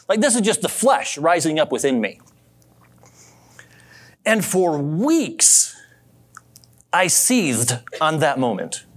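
A man preaching a sermon in a relaxed, conversational way, telling a story and asking his listeners questions. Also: on the high side, slow pace, long pauses. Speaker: pastor.

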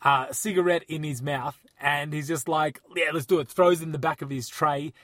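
Man with a higher voice telling stories, animated and lively, recorded dry and close. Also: moderate pace, dry recording. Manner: animated, acts out quotes. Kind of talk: casual storytelling chat.

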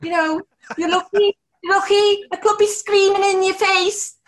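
A woman's voice: very high voice, steady tone, normal speed, pitched above the performer's own voice. A woman putting on a furious, swearing mum with a Liverpool accent, screaming threats at her children. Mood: yelling.

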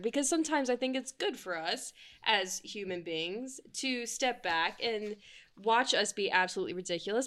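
A woman's voice: mid-range voice, fairly bright tone, clear, resonant tone. A woman talking casually on a discussion panel about a play, enthusiastic and often restarting her thoughts.

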